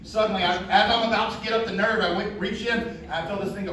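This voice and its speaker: Man, stand-up comic, high voice, storytelling, self-deprecating, club stage, distant mic, audience. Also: steady tone, normal speed, long pauses, very echoey, very noisy. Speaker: stand-up comedian. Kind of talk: stand-up set.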